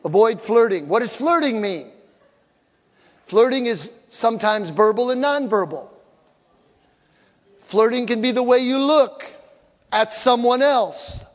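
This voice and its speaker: A man's voice: extremely high pitch, lively intonation, slow, pauses often. An older man preaching a sermon as pastor, humorous, and he acts out little quoted exchanges. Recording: long hall reverb.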